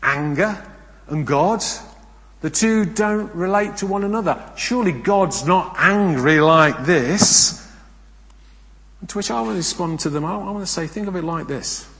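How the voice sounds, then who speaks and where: A man preaching a sermon, emphatic, asking rhetorical questions and swinging between loud and hushed delivery. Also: high voice, fairly quick. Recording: long reverb of a large hall.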